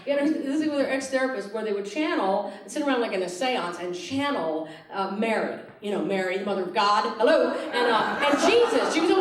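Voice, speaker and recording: Woman, stand-up comedian, animated, acts out quoted voices, roomy live theatre recording, audience laughter behind. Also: fairly high pitch, fast talker, recorded from a distance, a crowd in the background.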